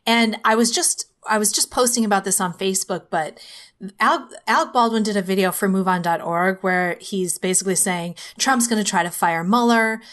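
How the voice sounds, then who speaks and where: A woman's voice: medium pitch, normal speed, fairly bright tone. A woman hosting a podcast, chatty and laughing easily as she asks her guest questions. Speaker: podcast host. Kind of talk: casual podcast conversation.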